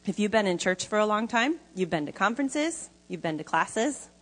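Preaching to a congregation in a big church hall, this woman uses a medium-pitched voice with wide swings in pitch at a normal speed. Her style is emphatic and conversational, full of questions aimed at the audience.

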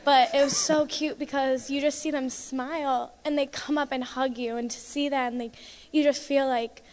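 A woman's voice: sits high, steady tone, normal speed, darkish tone. A teenage girl giving an emotional church testimony about a mission trip, chatty and full of "like.". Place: church sanctuary. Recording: long reverb of a hall.

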